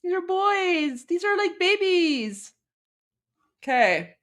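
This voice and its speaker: A woman's voice: very high voice, very animated, slow pace, a bit bright. A woman with an Iranian accent hosting a livestream, rambling and repeating herself as she comments on clips. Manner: rambling, repeats herself, keeps asking "right?". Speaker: livestream host. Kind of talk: casual live commentary.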